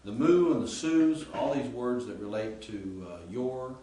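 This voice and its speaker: A man lectures on Greek grammar at a measured pace, his medium-pitched voice warm as he explains rules and puts questions to his students. He uses fillers often, and the distant mic catches the echo of the classroom.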